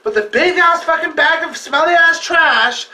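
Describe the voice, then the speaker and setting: A man's voice: extremely high pitch, unhurried, pushed and bright. A man vlogging, telling a personal story in a casual, heavily profane, emphatic and rambling way. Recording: echoey room, distant mic.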